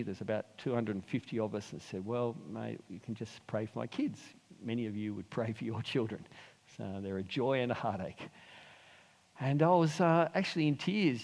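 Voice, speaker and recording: A man preaching a sermon, earnest and storytelling, dropping into quiet intimate passages. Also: mid-range voice. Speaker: pastor. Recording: long hall reverb.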